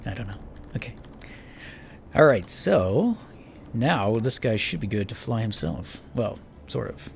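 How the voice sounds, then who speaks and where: A man's voice: lowish voice, animated, unhurried, creaky, long pauses, a little hiss or hum. A man giving casual, rambling let's-play commentary while playing a space building game, joking at his own expense. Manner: chatty, rambling, self-mocking. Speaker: gaming channel host.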